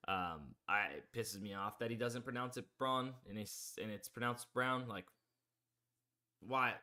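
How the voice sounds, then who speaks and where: A man's voice: lowish voice, pushed and bright. A man hosting a live sports betting stream, talking casually with lots of fillers while reading odds and plugging promo codes. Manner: rambling, filler-heavy, promo-pushing. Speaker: sports betting livestream host.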